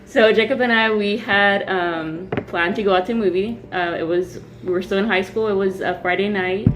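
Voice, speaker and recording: A woman guest telling a light story from her teen years in a calm, relaxed way. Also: medium pitch, moderate pace. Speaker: podcast guest. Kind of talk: casual storytelling. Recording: music behind.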